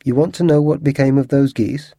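A man reading aloud and voicing a cool, stern male detective who speaks in a measured way. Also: medium pitch, gravelly, dark tone, no echo, studio quality, voice pushed up. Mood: probing.

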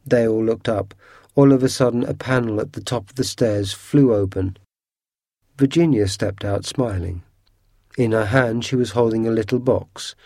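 A man narrating a storybook audiobook in a measured, unhurried way. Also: mid-range voice, mellow, dry recording, clean studio sound.

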